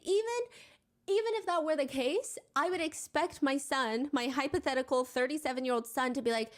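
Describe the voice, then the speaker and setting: Female true crime narrator, slightly high, steady and measured, reading quotes.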